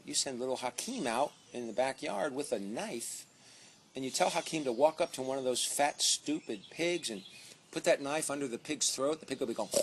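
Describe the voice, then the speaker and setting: Male author, heated sarcastic rant full of swearing, very animated pitch, faint ambience behind. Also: a little hiss or hum. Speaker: author commenting on his book. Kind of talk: profane comic rant.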